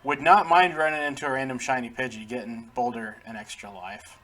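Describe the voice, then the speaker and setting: This man's mid-range voice is steady and fairly bright, moving a little fast. He hosts a gaming channel and offers relaxed let's-play commentary, laughing a lot and addressing the game's characters directly.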